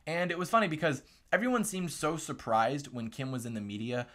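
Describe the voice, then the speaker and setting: A man's voice: fairly high pitch, fairly quick, few pauses, fairly bright tone. A man hosting a political commentary vlog, talking in a sarcastic, mocking way.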